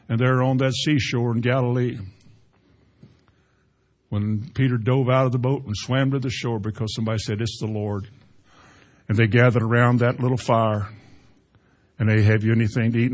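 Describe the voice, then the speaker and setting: A man with a husky, breathy voice delivers a sermon from the pulpit. His pitch sits in the middle range, and he leans into emphatic, rising phrases when he quotes scripture. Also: a little mellow. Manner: preaching with rising emphasis and Bible quotations. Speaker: pastor.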